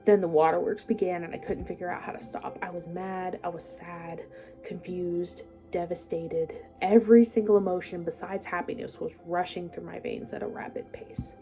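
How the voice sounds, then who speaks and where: A young woman telling her own life story to the camera, halting and hesitant with many pauses, sometimes dropping to a near-whisper. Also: on the low side, steady tone, mellow, faint music behind.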